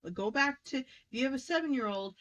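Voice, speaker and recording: A woman talking about inner healing in a casual teaching conversation, emphatic and lively, acting out quoted voices as she goes. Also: sits high, quick pace, a little hiss or hum, rough recording. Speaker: spiritual teacher.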